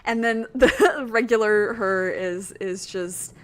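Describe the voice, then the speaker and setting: A woman's voice: mid-range voice, slow pace, few pauses, a little hiss or hum. Chatty woman streaming a game. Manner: chatty and self-deprecating, rambling with fillers and swearing. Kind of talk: casual gaming stream chat.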